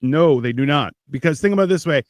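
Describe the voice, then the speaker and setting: A man's voice: on the high side, animated, quick pace. A man on a podcast, ranting in a casual, profane way and mocking others in put-on voices. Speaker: podcast co-host.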